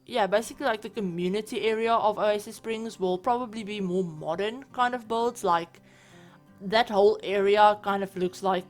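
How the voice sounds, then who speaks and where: A woman hosting a game building channel, chatting casually in a voice-over, rambling with lots of fillers and restarts. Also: mid-range voice. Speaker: Sims building channel host.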